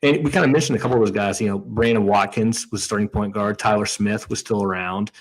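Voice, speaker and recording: A man's voice: fairly low pitch, steady tone, quick pace, low-quality recording. A man in his thirties from Indiana, co-hosting a casual chat and telling a story with lots of restarts and quoted asides. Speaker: podcast co-host.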